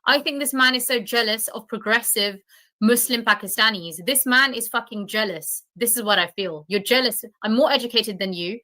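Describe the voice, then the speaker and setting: A young British woman giving heated, scornful reaction commentary, indignant and quick to insult. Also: fairly high pitch, pushed and bright. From United Kingdom.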